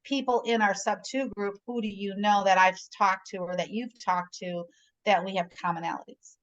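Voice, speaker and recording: A woman's voice: medium pitch, fairly even intonation, moderate pace, dull audio. A middle-aged woman, a guest realtor, chatting casually on a video call and telling stories, often checking in with "right?". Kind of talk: casual conversation.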